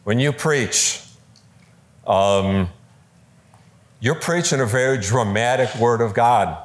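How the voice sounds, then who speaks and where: A man giving a conversational talk on preaching to a live audience, lively, with fillers and quoted voices, in a large room. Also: medium pitch, slow pace. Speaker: speaker teaching preachers.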